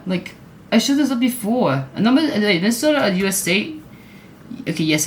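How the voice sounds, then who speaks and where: Casual vlogger, rambly and unsure of themself, very animated pitch. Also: fairly quick, a little hiss or hum. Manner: rambling, self-apologetic, often unsure; hums along to clips. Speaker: video creator ranking sports goal horns.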